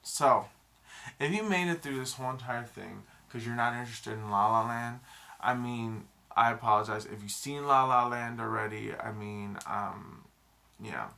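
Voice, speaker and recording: A man's voice: medium pitch, moderate pace, vocal fry, bright, forceful tone. A young man vlogging a casual, rambling movie review, full of fillers and restarts.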